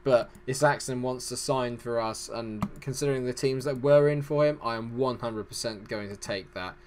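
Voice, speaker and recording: A man's voice: medium pitch, normal speed, darkish tone, a little hiss or hum. A man hosting a gaming channel, giving rambling, self-deprecating let's-play commentary.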